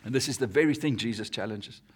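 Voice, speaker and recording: A man preaching an earnest sermon, rising and dropping in pitch and volume as he makes his points. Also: fast, breathy edge. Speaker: pastor.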